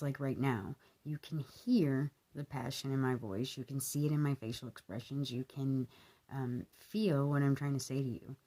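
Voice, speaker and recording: A woman's voice: a bass voice, dark tone. A woman in her thirties talking to camera in an earnest, rambling way, with lots of fillers. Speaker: vlogger. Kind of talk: casual monologue to camera.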